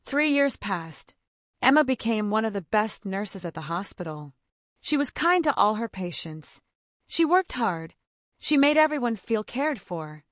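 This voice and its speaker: Lively-pitched woman storyteller. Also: unhurried, no echo, clean studio sound. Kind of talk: scripted narration of an emotional story.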